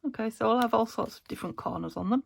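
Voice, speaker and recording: A woman's voice: on the high side, quick pace, creaky, slight background noise. A woman vlogging about her crafts, chatting casually and thinking aloud as she works, sometimes half-whispering. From United Kingdom. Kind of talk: casual crafting chat to camera.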